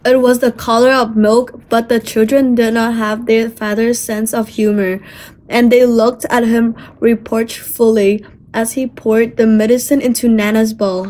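Woman reading a storybook slowly. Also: on the high side, level tone, a little mellow. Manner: careful, measured reading with small slips. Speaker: volunteer audiobook reader. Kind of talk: storybook read-aloud.

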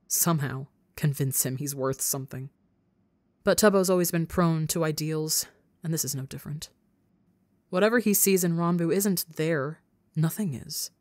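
A woman with a low voice narrates a story podcast, reading with intense feeling. The recording is dry and close, with no room sound. Her delivery swings between hushed and urgent. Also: dry recording. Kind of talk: audiobook narration of fan fiction.

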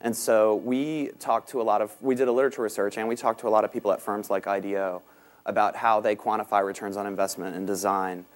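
Guy w a southern accent giving a panel talk, kinda low voice, talks fast, lots of ums, jokes about himself. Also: level tone. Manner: self-deprecating, quick, many ums. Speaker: panel speaker. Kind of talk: conference talk. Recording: talk recorded in a meeting room.

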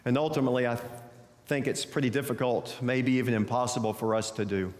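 A male pastor preaching a sermon with folksy storytelling and gentle humor. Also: medium pitch, fairly even intonation, a little fast. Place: church sanctuary. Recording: echoey church sanctuary.

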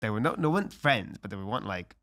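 A man's voice: on the low side, big pitch swings, fast talker, fairly bright tone. A young adult man, a podcast guest talking earnestly and reflectively in casual conversation, with lots of "like" fillers.

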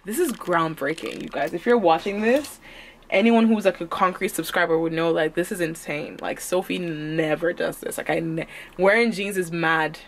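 A woman's voice: fairly low pitch, moderate pace. Young woman vlogger, under the weather, chatty and playful, bit of background hiss. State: sick, congested. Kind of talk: casual vlog chat to camera.

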